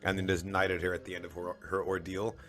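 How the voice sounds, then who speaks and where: A man's voice: deep voice, little pitch movement, brisk, over music. A man chatting casually on a live stream as he reads comics aloud, dropping "like" often.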